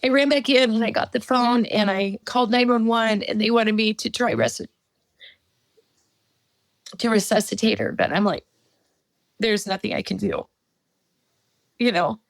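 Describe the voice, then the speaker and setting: A middle-aged woman giving a personal testimony as a podcast guest, halting storytelling with many fillers. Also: on the high side, lively intonation, no echo.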